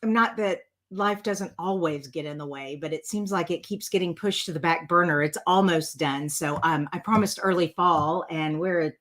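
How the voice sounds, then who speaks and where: A woman's voice: fairly low pitch, moderate pace, hardly any pauses, a bit bright. A middle-aged woman, chatting casually with viewers during a live card-making stream, rambling and full of fillers. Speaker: card-making channel host.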